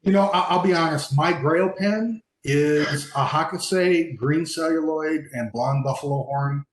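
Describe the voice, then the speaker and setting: A man who makes pens speaking modestly and haltingly on a video call panel. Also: fairly high pitch, a little hiss or hum. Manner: modest, halting, with many restarts. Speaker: penmaker panelist. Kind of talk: casual panel discussion. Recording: echoey room.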